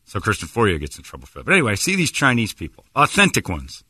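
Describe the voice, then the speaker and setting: A man with a bright, ringing voice hosts a sports radio show and rambles through teasing, provocative banter. His pitch swings widely and sits a little low. The sound is dry and close, with no room echo. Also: huge pitch swings, racing, slightly rough. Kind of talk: joking studio banter.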